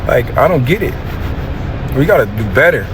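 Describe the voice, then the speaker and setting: A man's voice: medium pitch, very animated, normal speed. A man venting in a frustrated, profane rant. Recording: noisy outdoor street recording.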